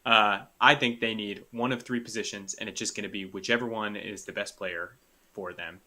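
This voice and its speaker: Bright-voiced man musing on football picks. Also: fairly low pitch, steady tone, moderate pace. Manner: thinks aloud, hedging with "like". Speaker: podcast co-host. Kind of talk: casual sports chat.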